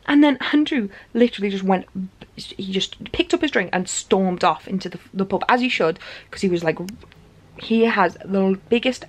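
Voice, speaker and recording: A chatty woman vlogging straight to camera, retelling an evening out in an animated, conversational way. Her pitch sits in an ordinary middle range for a woman, and she speaks with an easy, informal manner. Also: fairly quick, a little hiss or hum. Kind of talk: casual storytelling to camera.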